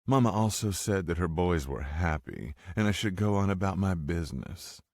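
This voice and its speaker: A man's voice: sits low, very animated, a little slow, dark tone, breathy edge, no echo, pitched above the performer's own voice, full character voice. A man voicing a bold, scheming woman who talks in a smug, mocking way, reading an audiobook. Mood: smug taunting. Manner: mocking, taunting.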